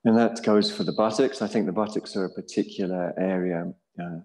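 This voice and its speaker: A man teaching a yoga class in a Buddhist centre studio, relaxed and joking about himself as he guides the students. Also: low-pitched, fairly quick, poor audio. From England. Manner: relaxed and jokey, self-mocking asides.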